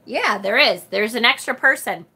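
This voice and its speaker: Middle-aged woman w a rochester accent, chatty tarot livestream host, bright slightly high voice, laughs a lot. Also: animated, normal speed, husky. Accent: Rochester, New York. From United States. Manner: chatty and bubbly, laughs often, trails off and restarts. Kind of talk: casual live-stream chat, reading viewer comments.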